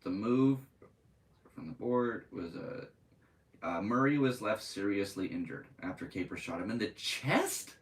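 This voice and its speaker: A man's voice: fairly low pitch, animated, unhurried, far from the mic, low-quality recording. A man hosting a podcast, reading news aloud and breaking into profane, angry commentary. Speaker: podcast host.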